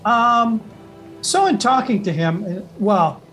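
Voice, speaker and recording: Tabletop GM, casual narration, hesitant and filler-heavy, mid pitch. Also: lively intonation, slow, fairly bright tone, faint music behind, poor audio. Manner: rambling, hesitant with many fillers. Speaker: game master.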